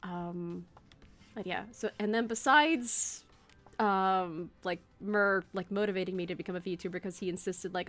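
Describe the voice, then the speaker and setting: Woman, casual live stream chat, giggly and rambling, lots of fillers, soft game music behind. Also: lowish voice, animated, normal speed. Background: faint background game music.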